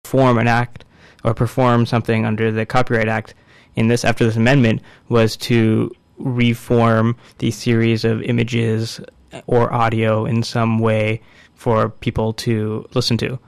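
A man in casual discussion, explaining a court case in a measured way with frequent fillers. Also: medium pitch, completely flat delivery, creaky, smooth, dry recording.

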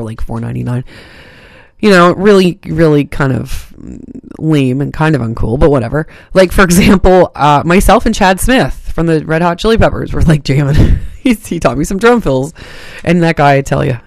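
Hoarse rambling radio DJ. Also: medium pitch, no echo, clean studio sound. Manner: rambling, self-mocking, quotes own thoughts aloud. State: hoarse, raspy voice today. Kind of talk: casual on-air chat. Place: campus radio studio.

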